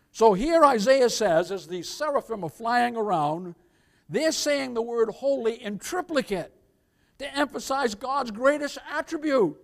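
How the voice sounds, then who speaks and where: A man with a notably high voice preaches a sermon. He swings between booming, emphatic cries and quiet, intimate asides, calling the congregation beloved and asking for amens. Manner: preaching with dramatic swells, repeated "beloved", calls for amen. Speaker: pastor.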